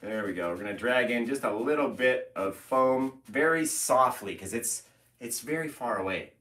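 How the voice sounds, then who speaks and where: A man's voice: medium pitch, animated, normal speed, fairly bright tone. A man teaching a live painting tutorial from his home studio, easygoing and playful, often laughing. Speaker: painting instructor. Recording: echoey room.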